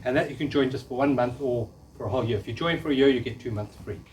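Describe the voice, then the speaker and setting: This fast-talking man in his fifties has a medium-pitched voice, captured from a distance with a little hiss or hum. As a workshop speaker at a live spiritual session, he earnestly coaxes the audience through call-and-response affirmations.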